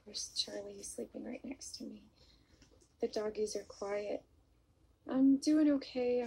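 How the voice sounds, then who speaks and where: A woman hosting a casual live stream on her vlog, greeting viewers by name and reading their comments aloud, speaking softly and apologetically about her mood disorder into a phone or webcam mic. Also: a little high, breathy edge, rough recording.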